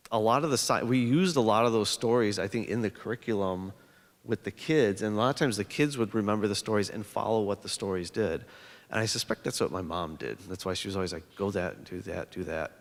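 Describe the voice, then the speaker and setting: Man telling a story in a reverberant hall. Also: on the low side. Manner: conversational, with frequent fillers and restarts. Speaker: panelist and educator. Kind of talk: storytelling panel presentation with slides. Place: lecture hall.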